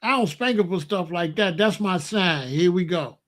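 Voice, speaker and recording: High-voiced man telling stories animatedly. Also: normal speed. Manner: animated, folksy storytelling with loud exclamations. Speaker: online show host. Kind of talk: casual storytelling monologue.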